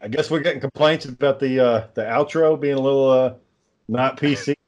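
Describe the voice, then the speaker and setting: A man's voice: mid-range voice, fairly even intonation, brisk, a little mellow, a little hiss or hum. A man hosting a podcast in casual chat, swearing freely and joking about a friend. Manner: profane, joking, quotes friends in mock voices. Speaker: podcast host.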